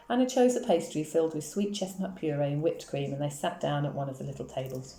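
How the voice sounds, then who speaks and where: Quick, steady storytelling comes from a woman reading a novel aloud in a low, mellow voice. The recording carries the roomy echo of the space.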